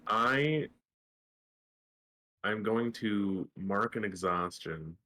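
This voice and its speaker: A man playing a tabletop role-playing game and talking through his moves. His voice is very low. He speaks hesitantly, with pauses and restarts as he thinks aloud. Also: lively intonation, bright, forceful tone. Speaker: player.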